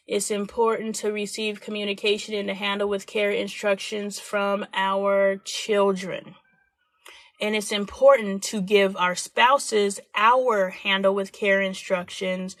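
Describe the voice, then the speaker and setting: A woman's voice: mid-range voice, a bit bright, no echo. A woman in her forties hosting a live stream, talking frankly and animatedly, acting out quoted voices. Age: 40s. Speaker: livestream host. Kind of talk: candid live-stream talk.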